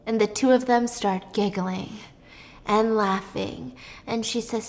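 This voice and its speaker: A woman's voice: fairly high pitch, fairly even intonation, slow, darkish tone. A woman casually retelling a film's plot with joking asides. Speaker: movie recap narrator.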